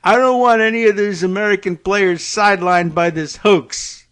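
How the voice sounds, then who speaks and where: A man's voice: high voice, steady tone, normal speed, fairly bright tone, smooth, voice pushed up. A man putting on an impression of a blustering, bossy older male politician barking orders.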